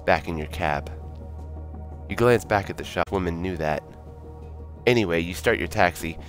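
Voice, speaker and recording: A man's voice: sits low, normal speed, soft background music. A man streaming himself reading a narrative game aloud, with casual comments in between. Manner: animated, reads narration in second person.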